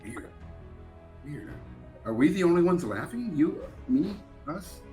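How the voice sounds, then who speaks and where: A player at a tabletop game, chatty and full of questions, often trailing off softly. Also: medium pitch, very animated, takes it slowly, soft background music. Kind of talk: casual tabletop play.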